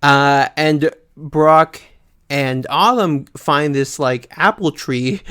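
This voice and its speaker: A male podcast co-host talks through an episode in a relaxed, chatty way. His voice sits a bit high for a man and sounds smooth and clear. He laughs easily and leans on little fillers as he goes. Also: takes it slowly. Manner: animated, laughs often, many fillers. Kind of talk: casual recap chat.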